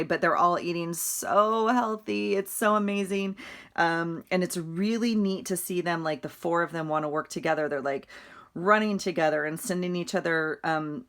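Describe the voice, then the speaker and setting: A woman's voice: fairly low pitch, a bit bright. A middle-aged woman chatting casually about her week, rambling and laughing often. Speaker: vlogger. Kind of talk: casual chatty journal walkthrough.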